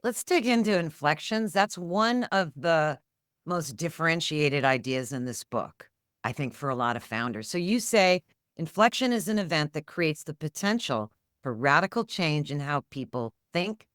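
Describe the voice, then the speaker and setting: A woman's voice: deep voice, expressive, moderate pace, a bit bright, no room sound, clean studio sound. A woman hosting an interview, asking thoughtful questions about a book. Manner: thoughtful, reads quotes aloud. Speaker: podcast host.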